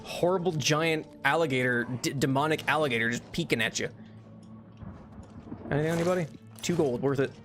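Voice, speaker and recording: A man's voice: a little high, brisk, long pauses, fairly bright tone, faint music behind. A young man streaming a video game, chatting casually and rambling with lots of restarts and laughs. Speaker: VTuber streamer. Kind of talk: casual gameplay commentary.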